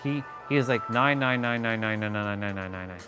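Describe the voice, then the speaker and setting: A man's voice: fairly low pitch, fairly quick, over music, low-quality recording. A man chatting casually on a live gameplay stream, swearing and joking as he taunts enemies in the game. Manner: playful trash talk at enemies, swearing, joking.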